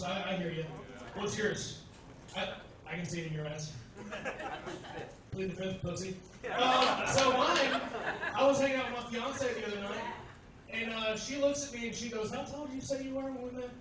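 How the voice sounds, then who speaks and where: A man's voice: high voice, normal speed, long pauses, very echoey, far from the mic, low-quality recording. A man from Tennessee doing a crude, brash stand-up comedy set on a club stage, talking to the crowd between punchlines.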